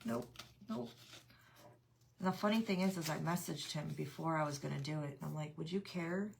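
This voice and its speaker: A woman's voice: low voice, moderate pace, vocal fry, a little hiss or hum. A woman hosting a casual craft livestream, chatting with viewers, laughing often and reading out their comments.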